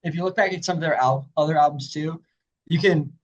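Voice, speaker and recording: A man's voice: a little high, brisk, a little hiss or hum, low-quality recording. A young man co-hosting a podcast, laid-back and chatty, laughing often and saying 'like' a lot. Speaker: podcast co-host. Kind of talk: casual music review chat.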